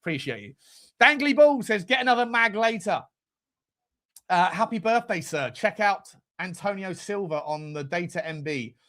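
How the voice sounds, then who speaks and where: A man's voice: high voice, expressive, normal speed, fairly bright tone. A man hosting a fan live stream, reading out super chats in a rambling, sweary way that keeps going off on tangents. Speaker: fan channel host.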